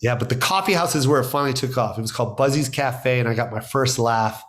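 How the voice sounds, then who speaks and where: A man's voice: mid-range voice, fast. A man, a stand-up comedian, telling stories in a casual interview, acting out quotes and laughing often. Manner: excited storyteller, acts out quotes, laughs often. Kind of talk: animated storytelling in casual chat.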